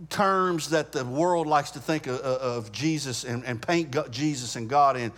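A man's voice: a little high, a little slow, a bit bright. A man teaching a Bible study class in a conversational way, stopping to ask the group questions and often restarting his sentences.

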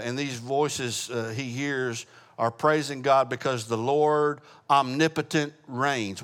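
A man teaching a Bible study in a relaxed, conversational way, asking the group questions as he goes. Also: medium pitch. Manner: casual, asks the group questions, frequent uh fillers.

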